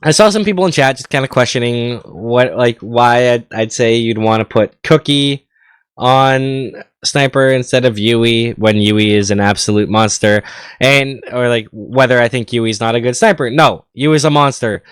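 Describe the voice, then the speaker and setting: A man casting a live esports match, slightly hoarse, excitable and tripping over his words on a headset mic. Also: medium pitch, moderate pace, no echo. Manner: excitable, stammering restarts. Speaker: esports caster.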